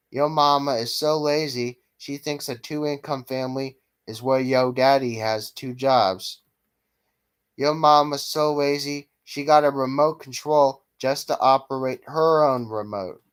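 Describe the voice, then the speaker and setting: A man vlogger reading jokes aloud from a list at a steady pace, stumbling now and then. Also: mid-range voice, clean tone.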